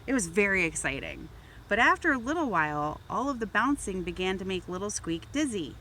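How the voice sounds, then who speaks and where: A woman reads a picture book aloud for children with a gentle storytelling manner. Her pitch swings widely as she narrates, and faint background hiss sits under her voice. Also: big pitch swings, a little fast. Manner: gentle storytelling, raising voice for toy characters. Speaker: volunteer reader.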